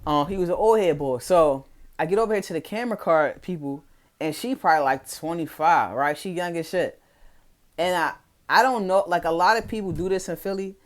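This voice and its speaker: A man's voice: a little high, a little fast. Laid-back Philadelphia man telling a story. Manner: profane, laid-back slang-heavy storytelling. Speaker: vlogger. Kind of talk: casual storytime.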